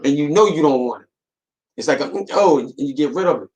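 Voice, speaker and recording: A man's voice: on the high side, fast talker, darkish tone, poor audio. A man in casual chat, rambling with many fillers and street slang.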